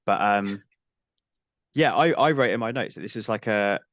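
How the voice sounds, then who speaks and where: A man with a low voice discusses a film on a podcast. He talks in a measured, thoughtful way. The sound is close and dry. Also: a bit bright, dry recording. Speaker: podcast host.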